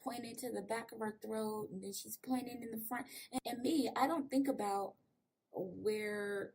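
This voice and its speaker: A woman's voice: fairly high pitch, fairly even intonation, moderate pace, a little mellow, breathy edge. Chatty laughing woman podcast host. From United States. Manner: chatty, rambling, laughs often. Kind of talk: casual interview chat. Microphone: remote call on video.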